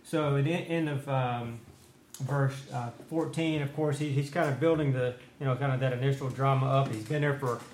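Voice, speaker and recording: Man, study group member, halting delivery full of fillers, roomy room, faint hiss. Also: mid-range voice, steady tone, a little mellow. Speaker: Bible study participant. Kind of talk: explaining text in group discussion.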